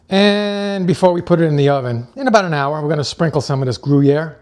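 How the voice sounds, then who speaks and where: A man's voice: a little high, fast, few pauses, darkish tone. A man hosting a cooking show, talking viewers through a recipe in a chatty, joking way and calling them folks, with eager plugs for a sponsor. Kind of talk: casual cooking demonstration.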